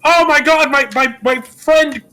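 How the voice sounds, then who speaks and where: A man's voice: measured pace, pushed and bright, exaggerated voice. A man doing a Jimmy Stewart impression of a flustered, stammering small-town family man. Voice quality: stammering, high and strained.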